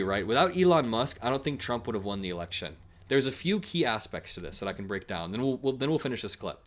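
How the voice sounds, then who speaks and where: Joking male livestream commentator. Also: medium pitch. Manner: energetic, joking, laughs often. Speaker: political commentary streamer.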